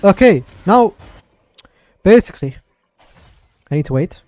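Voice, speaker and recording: A man's voice: sits high, a little slow, no echo. Chatty young man streaming gameplay. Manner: excitable, chatty, apologetic asides to chat. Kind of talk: live gameplay commentary.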